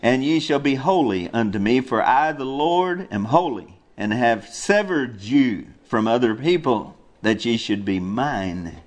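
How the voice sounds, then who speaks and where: A man preaching a sermon, passionate, climbing into high, loud cries when he quotes scripture. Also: lively intonation, unhurried, few pauses. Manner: impassioned, rises to high cries when quoting. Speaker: pastor.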